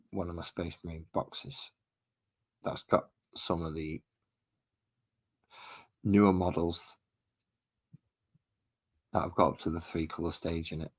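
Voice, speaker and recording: A man's voice: low-pitched, a little mellow, breathy edge, low-quality recording. A man chatting casually and thinking aloud, a little self-deprecating, while he paints miniatures at his hobby desk at home.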